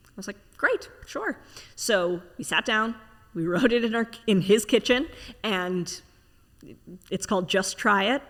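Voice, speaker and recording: A young woman talks as a podcast guest, upbeat and playful in a loose, chatty way. Her voice sits at a middle pitch, and a long reverb hangs behind it. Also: a bit bright. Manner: upbeat, playful, quick to laugh. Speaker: guest, author and actress. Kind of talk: casual interview chat.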